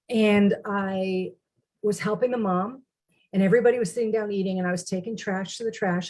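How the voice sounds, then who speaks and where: Middle-aged woman, lowish husky voice, candid and earnest, sharing her recovery story. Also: mellow, rough recording. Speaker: recovery speaker. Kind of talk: personal storytelling talk.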